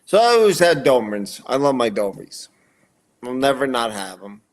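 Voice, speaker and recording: A man's voice: medium pitch, very animated, brisk. A man who is a guest on a podcast, telling stories in casual chat with a laid-back manner and frequent swearing.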